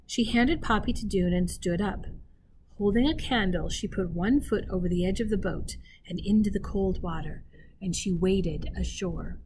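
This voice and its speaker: A woman teacher reading a children's novel aloud expressively, pausing to speak directly to her listeners. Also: mid-range voice, slight background noise. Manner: expressive, pauses to talk to listeners.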